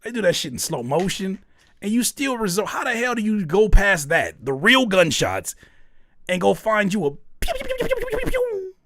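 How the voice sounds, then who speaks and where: A man hosting a live music critique show, ranting with animated, exasperated humor. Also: high voice, moderate pace, a little hiss or hum. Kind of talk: livestream music feedback, casual and comedic.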